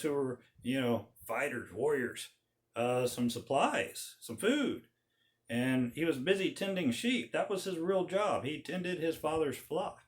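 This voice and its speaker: A man hosting his channel, telling an old story in a folksy, animated way. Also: medium pitch. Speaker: channel host. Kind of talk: casual storytelling.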